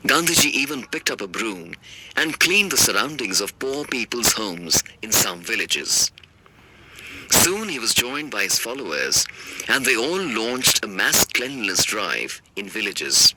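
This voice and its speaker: A man's voice: lowish voice, very animated, measured pace, bright, forceful tone, a little hiss or hum, rough recording. A man reading a textbook passage aloud in careful scripted narration.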